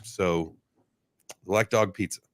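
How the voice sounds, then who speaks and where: A man's voice: low-pitched, steady tone, slow pace, dry recording. A man hosting a podcast, talking loosely with lots of fillers and the odd swear word. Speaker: podcast host. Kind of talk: casual podcast conversation.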